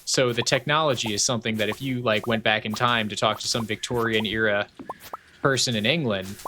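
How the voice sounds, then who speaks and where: A man's voice: lowish voice, steady tone, fairly quick, sharp tone, soft background music. A man streaming a video game from home, chatting casually and rambling off on tangents while reading chat aloud.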